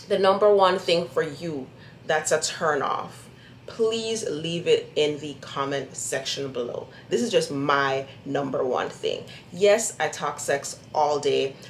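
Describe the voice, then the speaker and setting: Sassy, low-voiced woman vlogger; blunt and emphatic in casual to-camera chat. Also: a little hiss or hum. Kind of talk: casual direct-to-camera vlog. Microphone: phone or compact camera.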